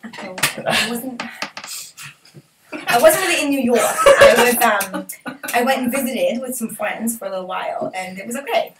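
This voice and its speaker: A woman's voice: a little high, animated, normal speed. A woman from England with an English accent, a guest chatting casually, giggly and self-deprecating, full of fillers. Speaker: guest, aspiring actor. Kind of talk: casual chat. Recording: echoey room from a distance with faint noise.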